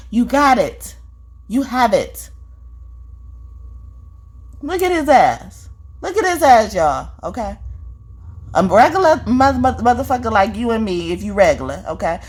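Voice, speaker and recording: A woman's husky voice rises and falls widely as she delivers a spiritual reading. She scolds and swears at an unnamed listener, says the same line again and again, and closes her points with a pointed "okay?". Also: on the low side. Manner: profane, scolding, repeats herself, says "okay?" often. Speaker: spiritual reader. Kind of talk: confrontational spiritual vlog monologue.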